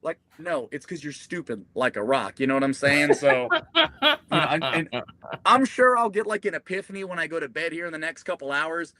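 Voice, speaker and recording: A veteran man tells rowdy, profane stories in a relaxed chat. His voice sits a bit high and rings bright and forceful. He jokes constantly. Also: brisk, no echo. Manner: animated, profane, joking. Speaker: guest, Marine veteran. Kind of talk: casual storytelling chat.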